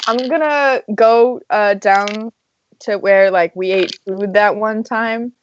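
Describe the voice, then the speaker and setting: A woman's voice: mid-range voice, slow pace, a little hiss or hum. Hesitant woman player, lo-fi audio. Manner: hesitant, full of ums and laughs. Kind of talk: casual tabletop play.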